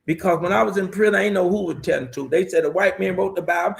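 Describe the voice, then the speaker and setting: Middle-aged male pastor, very gravelly, raised pitch, emotional preaching testimony. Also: racing. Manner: preaching storyteller, repeats "watch this here". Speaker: pastor guest.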